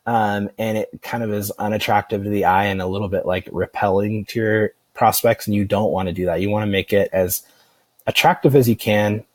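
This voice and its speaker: A man walking through a software tutorial in a relaxed, rambling way, with plenty of fillers and restarts. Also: lowish voice, a little fast, no echo. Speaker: online marketing instructor. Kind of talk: casual screen-recorded software tutorial.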